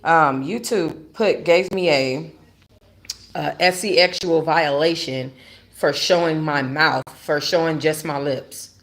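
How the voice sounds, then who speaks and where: Deep-voiced woman on her channel, chatting with viewers, slangy, lots of ums, almost crying. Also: slow pace. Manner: emotional storytelling with slang and frequent fillers. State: close to tears. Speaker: host of a talk channel. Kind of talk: casual livestream chat with viewers.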